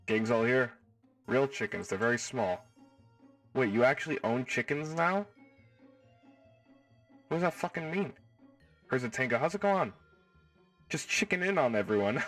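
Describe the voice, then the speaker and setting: A man's voice: mid-range voice, animated, unhurried, long pauses, a bit bright, far from the mic, faint music behind. A man hosting a casual live stream from home, reading chat in a playful, jokey way and swearing freely.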